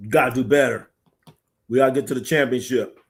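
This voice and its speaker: Man, sports stream host, casual banter, joking, loud bursts, mid-pitched voice. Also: fairly quick, slight background noise. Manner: loose, joking, animated bursts. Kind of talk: casual chat reading live comments.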